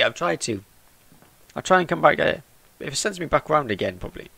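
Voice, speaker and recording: A man's voice: a little high, big pitch swings, a little fast, gravelly, pauses often, bright, forceful tone, husky, dry recording. A man giving chatty, jokey let's-play commentary and talking to the characters on screen. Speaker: gaming YouTuber.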